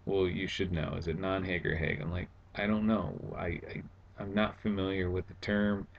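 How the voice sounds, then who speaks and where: A man's voice: low voice, little pitch movement, normal speed, gravelly, dull audio. A man telling a story in a casual home vlog, recounting his frustrations in a sarcastic, exasperated way. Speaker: vlogger. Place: at home indoors.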